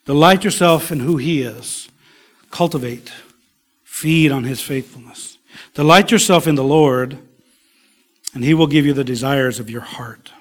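A man preaching a sermon in a slow, emphatic way, dropping at times to a soft whisper. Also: medium pitch. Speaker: pastor.

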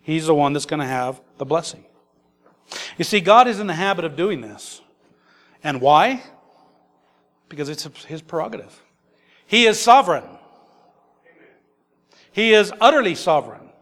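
A man's voice: fairly high pitch, expressive, normal speed, long pauses, a bit bright. A man preaching a sermon in an emphatic, conversational way. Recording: long echoey hall reverb.

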